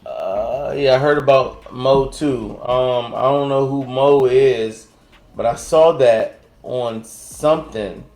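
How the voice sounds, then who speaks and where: A man co-hosting a casual chat, talking in a relaxed, rambling way with many fillers and restarts. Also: mid-range voice, slow, soft background music. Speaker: co-host. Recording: echoey room.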